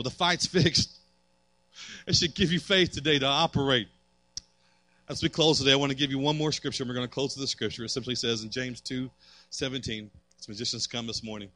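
A man's voice: high voice, fairly quick, pushed and bright, no echo. A man preaching a sermon as pastor, building fervor and acting out quotes.

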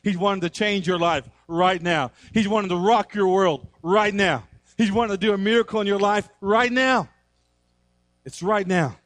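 A man's voice: sits high, a little slow, a bit bright, dry recording. A man preaching a sermon as a pastor in church, emphatic and repetitive, quoting scripture.

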